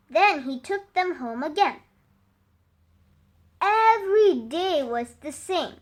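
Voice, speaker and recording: A woman reading a fable aloud for children in a slow, expressive, sing-song way. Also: very high-pitched. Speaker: storyteller.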